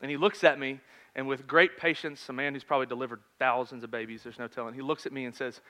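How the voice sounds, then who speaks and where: A man in his thirties preaching a sermon in a conversational storytelling manner, swinging between loud and hushed. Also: medium pitch, fairly even intonation, quick pace, hardly any pauses. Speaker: pastor.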